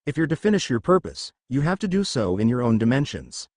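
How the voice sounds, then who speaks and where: A man voicing a gentle, playful female spirit. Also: medium pitch, big pitch swings, brisk, no room sound, clean studio sound.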